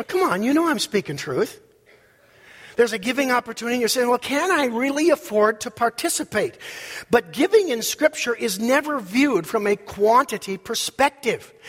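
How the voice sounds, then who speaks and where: A man's voice: animated, normal speed, slightly rough. Male pastor preaching with emphasis, in a reverberant sanctuary. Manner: emphatic preaching, swinging between loud peaks and low asides. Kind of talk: sermon.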